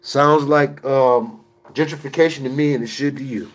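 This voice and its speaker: A man's voice: mid-range voice, steady tone, normal speed. A man hosting a livestream, answering viewer questions in an emphatic, preachy way with mocking asides.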